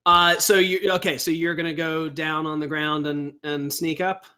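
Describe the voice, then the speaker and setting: A man running a tabletop game as game master, who narrates haltingly and thinks aloud while he describes each scene. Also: fairly high pitch, little pitch movement, sharp tone.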